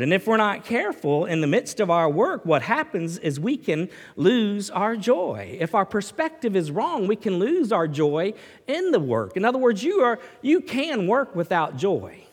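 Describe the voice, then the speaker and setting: High-voiced guy preaching, goes loud then quiet, repeats himself, big church echo. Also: moderate pace. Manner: animated, swings from loud to hushed, repeats words. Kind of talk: sermon. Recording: hall reverb.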